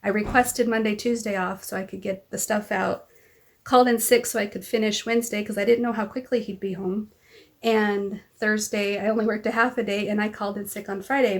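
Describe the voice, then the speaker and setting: A mother talking in a casual personal vlog, telling a long rambling story and acting out what others said. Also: medium pitch. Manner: rambling storytelling, acts out quoted dialogue. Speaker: vlogger.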